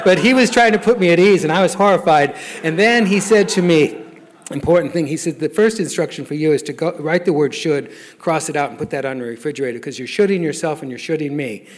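A middle-aged man telling a wry personal recovery story, self-mocking and often laughing as he speaks. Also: fairly high pitch. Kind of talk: personal testimony talk.

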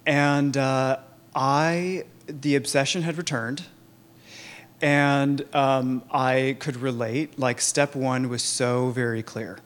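Halting, candid man sharing his recovery story. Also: medium pitch, steady tone, smooth. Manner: halting, with many fillers and restarts, candid. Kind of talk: personal testimony, conversational.

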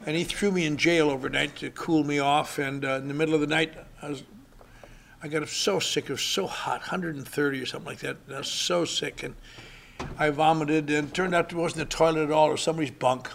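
A man's voice: a little high, fairly even intonation, a little fast, gravelly, a bit bright, a little hiss or hum. An older man sharing his recovery story with dry, wry humor at a convention. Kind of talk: recovery meeting talk. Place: convention hall.

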